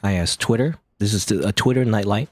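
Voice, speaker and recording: A man's voice: on the low side, fairly quick, darkish tone, dry recording. A man casually commentating on a video game as he plays it, chatty and rambling. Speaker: let's play host.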